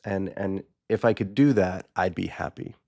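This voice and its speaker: A man voicing a weary, frail old man who is toothless and tired, speaking low and quietly in a grumbling paraphrase. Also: normal speed, vocal fry.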